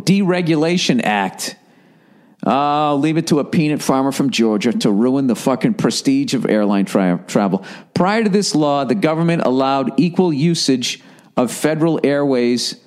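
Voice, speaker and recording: A man's voice: medium pitch, a little mellow. A middle-aged man hosting his own podcast, ranting with profanity and sarcasm and reading listener emails aloud with running asides. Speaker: podcast host. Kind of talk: solo rambling podcast monologue.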